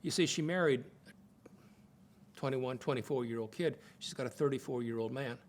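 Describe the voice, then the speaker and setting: A man's voice: mid-range voice, fairly quick, slight background noise. An older man giving a folksy, conversational teaching talk at a Bible college, often repeating words as he thinks aloud.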